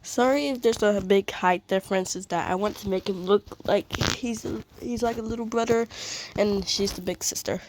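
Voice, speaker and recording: Sick and sniffly, a woman shows off her fan art in a casual chat, giggling, rambling and apologizing along the way. She has a mid-range voice and a moderate pace, with noise in the background.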